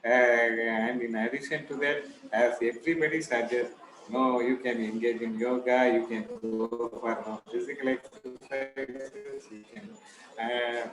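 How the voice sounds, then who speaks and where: Animated Indian lecturer, echoey room. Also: male voice, medium pitch, moderate pace, over music. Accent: Indian English. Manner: animated storytelling, acts out quoted voices. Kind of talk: informal lecture on stress and self-talk. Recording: echoey room, noisy background.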